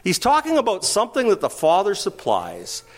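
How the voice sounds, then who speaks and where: Animated male preacher, slightly high voice with very lively pitch, teaching a sermon with rhetorical questions. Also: moderate pace. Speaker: pastor.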